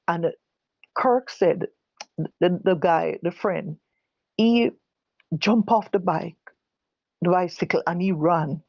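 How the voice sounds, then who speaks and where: An older Jamaican woman giving personal testimony, halting and correcting herself as she recalls what others said. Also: fairly low pitch, creaky, darkish tone, breathy edge, no echo, muffled recording. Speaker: guest telling her own story. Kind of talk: personal testimony told live.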